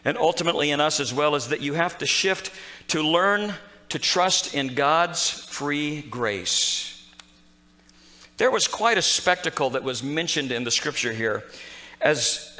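A male pastor preaches, telling a Bible story with animated storytelling and slipping into its characters' voices. His voice sits high and sounds bright and forceful. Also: rough recording. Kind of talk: sermon.

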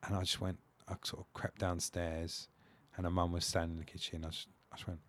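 A man's voice: low voice, monotone, fairly quick. Rambling man telling a story. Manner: rambling, self-deprecating storyteller. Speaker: podcast co-host. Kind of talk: casual chat, storytelling.

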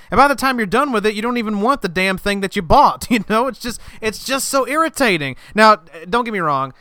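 High, animated ranting male host. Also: no room sound, studio quality. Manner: exasperated ranting. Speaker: podcast host. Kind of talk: comedic monologue.

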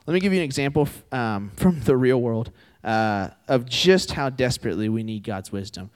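A man in his twenties gives a sermon in a relaxed, conversational way, often turning questions to the audience. His voice sits in a middle range. The sound carries a long reverb, as in a big hall. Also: mid-range voice, moderate pace, clean tone. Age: 20s.

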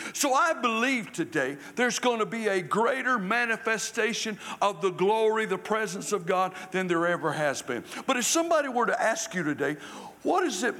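An older man from South Carolina, USA, speaks in a high voice with a sharp tone. He's a guest preacher delivering a folksy, conversational sermon laced with humor in a church sanctuary, and the recording carries the reverberation of the church hall.

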